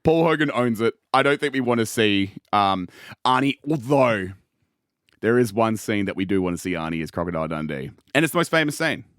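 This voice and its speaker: A man's voice: on the low side, expressive, a little fast, a bit bright, no room sound, studio quality. A man and comedy podcast co-host talking frankly in casual chat.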